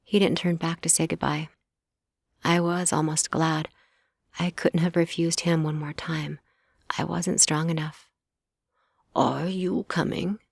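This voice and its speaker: A woman giving steady, even first-person audiobook narration. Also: sits low, measured pace, gravelly, dry recording, clean studio sound.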